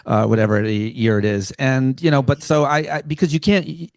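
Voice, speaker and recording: Male comic guest, mid-pitched voice, rambling earnest talk, dry studio. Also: a little fast, no echo. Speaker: comedian and podcast host, panel guest. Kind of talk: casual panel chat.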